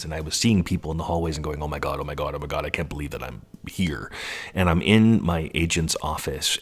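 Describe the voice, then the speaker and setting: A man in his late thirties telling a personal story in a lively, animated way, acting out the voices of the people in it. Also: extremely low pitch. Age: 30s. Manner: animated, acts out quoted voices. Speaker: storyteller recounting his life.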